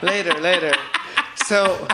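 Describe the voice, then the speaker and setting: A man's voice: sits high, fairly even intonation, takes it slowly, pushed and bright, slight background noise. A man, a ghost tour guide, chatting as an interview guest and telling folklore in a rambling, chuckling way. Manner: rambling storyteller, chuckles often. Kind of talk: casual interview chat.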